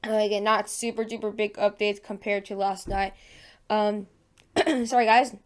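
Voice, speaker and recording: Chatty woman with a smooth morning voice. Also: medium pitch, little pitch movement, measured pace. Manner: chatty, frequent fillers and self-corrections. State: just-woken morning voice. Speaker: weather channel host. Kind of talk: casual weather forecast vlog.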